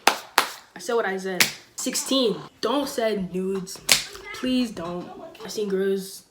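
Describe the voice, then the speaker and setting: A teenage girl on her own channel, giving blunt school advice in a casual sit-down talk, with sudden loud stresses. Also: medium pitch. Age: teens. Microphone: camera mic, sitting.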